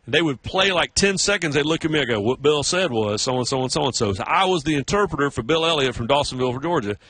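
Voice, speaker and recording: Southern man, bright radio host voice. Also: fast, slightly rough, no echo. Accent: Southern American. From South Carolina, US South. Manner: animated storyteller, breaks into high mocking voices for others. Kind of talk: casual radio chat.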